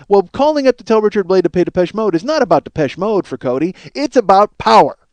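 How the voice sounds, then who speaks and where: A rambling, sarcastic man in his thirties from Los Angeles riffs through a profane comedy monologue. His voice sits high for a man, and the recording is close and dry. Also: darkish tone, no room sound. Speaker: podcast host.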